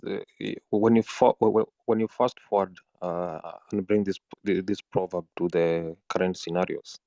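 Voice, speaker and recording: A man with a husky, just-woken voice, giving an earnest, halting talk in an online audio room, full of restarts. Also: low voice, dark tone, no echo, lo-fi sound. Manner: earnest, many repeated words and restarts. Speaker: guest speaker.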